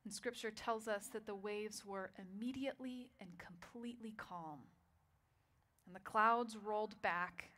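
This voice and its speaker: A woman preaching a sermon, telling a story and dropping to a quiet voice for dramatic moments. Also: mid-range voice.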